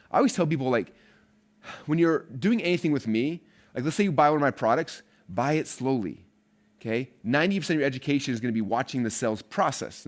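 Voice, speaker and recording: A man coaching an online marketing course live, talking energetically and chattily and checking in with listeners with "right?" and "okay?". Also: on the high side.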